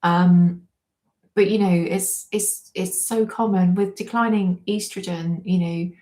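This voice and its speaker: A chatty woman in her forties hosts a relaxed livestream, answering comments in a friendly, self-deprecating way. She keeps dissolving into giggles between her words. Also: fairly low pitch, unhurried. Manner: giggly, keeps breaking into laughter. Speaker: livestream host. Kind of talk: casual livestream chat reading comments.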